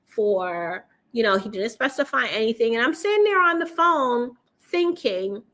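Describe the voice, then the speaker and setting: A woman's voice: on the high side, expressive, a little slow, fairly bright tone. A woman hosting a casual livestream, answering a viewer's question and telling a personal story in a candid, conversational way.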